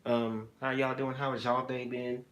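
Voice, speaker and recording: A man's voice: medium pitch, flat delivery, moderate pace, fairly bright tone. A man hosting a casual livestream, teasing and joking with his chat viewers and talking into an iPhone on a selfie stick. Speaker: streamer hosting his own channel.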